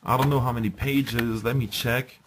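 A man giving a casual, enthusiastic unboxing review, chatting to viewers and pausing with ums as he handles the items. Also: mid-range voice, steady tone, noisy background. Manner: enthusiastic, chatty, often addresses viewers as guys; hesitant, with ums and restarts while handling items. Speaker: video reviewer.

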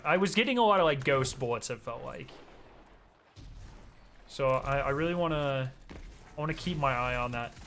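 A young man streaming a game, chatting casually and excitably, with frequent swearing and sudden outbursts. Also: a little high, a little hiss or hum. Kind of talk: casual gameplay commentary.

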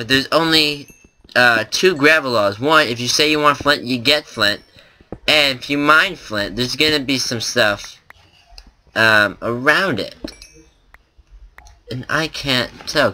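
A man hosts his own gameplay video, chatting casually as he plays. His voice is very bright and cutting, sitting at an ordinary pitch for a man. He rambles and thinks out loud, filling gaps with ums and likes. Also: unhurried. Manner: rambling, thinks aloud with many fillers. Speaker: let's play host.

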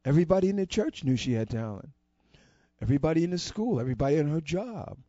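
High-voiced man telling a story. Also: dry recording. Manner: expressive, deliberate pauses. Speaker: storyteller at a society program. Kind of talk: motivational storytelling. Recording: dull lo-fi dry recording.

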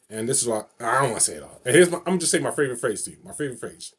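Vlogger type, forties, from new york, mid-pitched man, rambles and repeats, upbeat, chants prayers. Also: sing-song, very fast, few pauses, breathy edge. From New York City. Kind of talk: casual monologue vlog.

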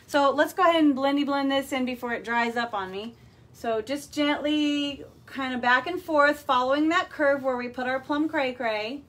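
High-pitched woman hosting a painting livestream; chatty, playful teacher who checks in often. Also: moderate pace, fairly bright tone. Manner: playful made-up words. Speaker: furniture painting instructor. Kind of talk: casual livestream demonstration. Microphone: phone or camera livestream.

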